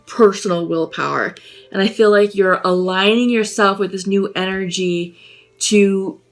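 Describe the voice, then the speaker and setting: A woman giving a spoken tarot reading, musing and gentle, pausing often with fillers as she thinks aloud. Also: medium pitch. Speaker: tarot reader.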